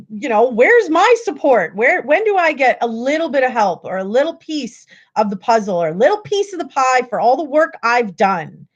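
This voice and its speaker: A woman's voice: sits high, sing-song, moderate pace, highs cut off. A woman hosting a livestream, ranting at her viewers in a frustrated, profane way. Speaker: livestream host.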